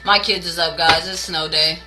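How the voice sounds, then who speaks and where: A woman with a lowish voice reads tarot at her home on a late-night live stream, keeping a steady tone at a normal pace over background music in poor-quality audio. She is blunt and heavily profane, ranting, greeting chat members by name and calling her viewers baby and y'all.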